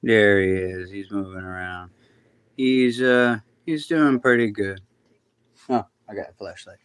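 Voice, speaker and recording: A man's voice: on the low side, a little slow, clean tone. A man hosting a casual livestream from his backyard at night on a phone, rambling and talking to his pets. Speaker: livestream host.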